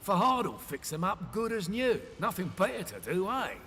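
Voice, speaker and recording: A man's voice: high voice, very animated, moderate pace, bright, forceful tone, soft background music, heavily acted. An actor playing a grumbling male mech technician with an Australian accent, in game audio. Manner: grumbling, slangy, informal. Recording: game audio with long reverb.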